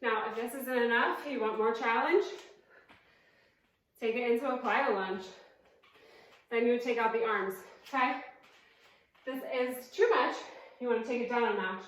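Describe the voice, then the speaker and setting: A woman's voice: a little high, normal speed, pauses often, fairly bright tone, heavy reverb, distant mic, poor audio. Breathless woman coaching a workout. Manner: upbeat coaching, counting reps, self-deprecating asides. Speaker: fitness instructor. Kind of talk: workout class instruction.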